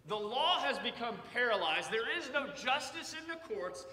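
A preacher with a high, bright voice gives an expressive sermon at normal speed in a church sanctuary, recorded from a distance. He moves from conversational talk to loud cries on quoted passages, and long, echoey reverb rings around him.

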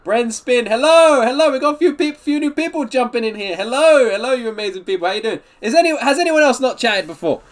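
A man's voice: very high voice, expressive, fast talker, few pauses. A man live-streaming a reaction, chatting upbeat with his viewers and greeting them by name. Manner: upbeat, greets and answers viewers' chat often.

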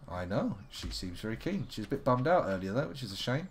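A man's voice: mid-range voice, big pitch swings, quick pace. Chatty man narrating his gameplay. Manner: chatty, wry, talks to himself while playing. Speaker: game streamer. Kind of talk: casual live gameplay commentary.

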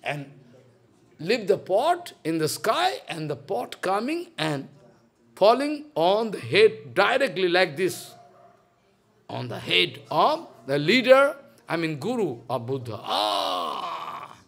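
Animated high-voiced preacher. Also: male voice, slow pace, gravelly. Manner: animated, dramatic retelling in broken English. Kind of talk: sermon storytelling.

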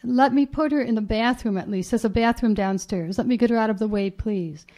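A woman voicing a frightened young mother who pleads with intruders while straining to sound calm, in a literary reading. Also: a little high, normal speed, natural voice. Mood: pleading.

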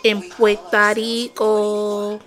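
A woman's voice: medium pitch, monotone, drawn-out words, a bit bright. A woman hosting a reaction video in casual, slangy chat, laughing easily. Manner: playful, laughs often, slangy. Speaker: YouTube host.

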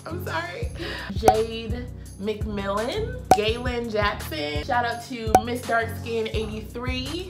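A woman's voice: on the high side, lively intonation, takes it slowly. A young woman talking casually and openly to her viewers in a faith vlog, chatty and confiding. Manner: chatty, warm-hearted, confiding, heartfelt. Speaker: vlogger. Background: soft background music.

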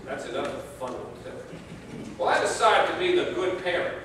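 A man's voice: high-pitched, lively intonation, fairly quick, fairly bright tone, slight background noise. A man preaching a sermon as pastor, telling stories with folksy humor. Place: church sanctuary. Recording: distant mic in echoey church.

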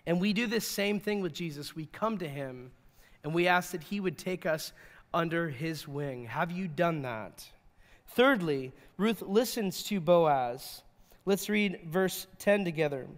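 High-voiced male pastor preaching. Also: measured pace, long reverb tail. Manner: animated, repeats and restarts words, acts out quotes. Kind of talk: sermon.

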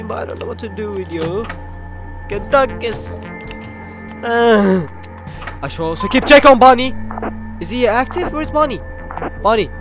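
A jumpy horror gamer whose pitch swings wildly while they stammer and swear through the game. Game music plays clearly underneath. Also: expressive, a little slow, long pauses. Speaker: gameplay streamer.

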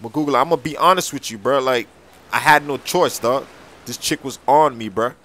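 A man's voice: mid-range voice, fairly quick, fairly bright tone, close to an everyday voice. A man voicing a nervous young man in a video game skit who mumbles in slang and keeps saying "bruh". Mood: pleading.

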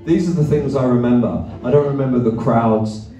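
A musician telling loose, profane, self-mocking stories to a live theatre audience. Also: male voice, mid-range voice, fairly quick, warm tone, soft background music. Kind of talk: rambling stage banter between songs. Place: theatre stage. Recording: live theatre recording, roomy and distant.

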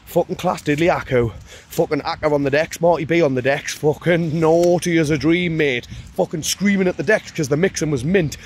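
Excitable sweary lad. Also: male voice, a little high, fairly quick, slight background noise. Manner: swears constantly, slangy and excitable. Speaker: vlogger. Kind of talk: rowdy casual vlog rant.

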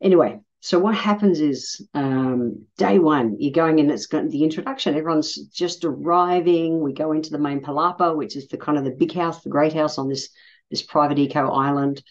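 A middle-aged Australian woman telling a personal story in a casual, blunt way, swearing freely and getting animated when she quotes people. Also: low voice, normal speed, lo-fi sound. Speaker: podcast host.

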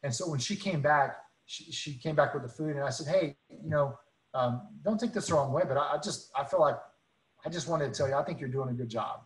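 Earnest male speaker, higher voice, chatty testimony full of restarts, in a roomy space. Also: a little fast. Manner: earnest, many restarts and repeated words. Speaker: guest speaker. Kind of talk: casual faith storytelling.

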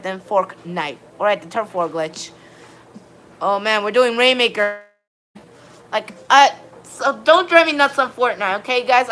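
Her voice is a little high with a sharp edge as she live-streams a game, rambling to viewers and greeting them by name. She keeps saying "all right, then" and "of course" in this casual gaming chat.

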